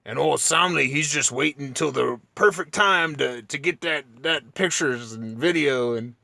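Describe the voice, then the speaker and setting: A man's voice: unhurried, vocal fry, no room sound. A man ranting casually to his viewers, sarcastic and mocking, swearing freely, his voice jumping up when he mimics others. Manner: excitable, voice jumps high when mocking. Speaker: channel host.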